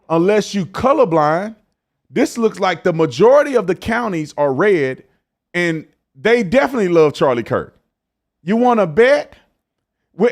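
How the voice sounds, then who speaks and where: A man hosting a casual commentary show, talking in an animated, slangy way that climbs to excited emphasis. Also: high-pitched.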